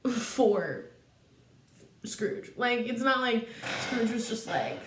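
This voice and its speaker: A young woman vlogger in her twenties who retells a story tipsy and full of slang and swearing. Her voice sits fairly high, and the room she is in is echoey. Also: expressive, slow pace, a little hiss or hum.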